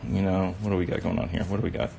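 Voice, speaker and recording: The speaker is a man with a low, creaky, mellow voice who talks rapid-fire with little pitch movement, over a slight hiss or hum. As a kids' drawing instructor in a casual demo, he rambles, encourages, and keeps saying "you know."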